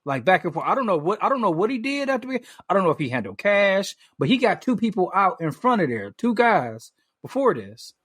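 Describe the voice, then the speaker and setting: A man on a podcast, telling a story in casual chat, animated, full of fillers and restarts, swearing freely. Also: high voice, brisk, slightly rough, no echo, clean studio sound. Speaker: podcast co-host.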